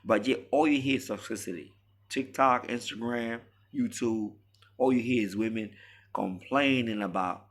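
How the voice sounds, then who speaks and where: A man's voice: mid-range voice, normal speed. A man delivering a preachy, emphatic monologue to camera as a relationship commentator.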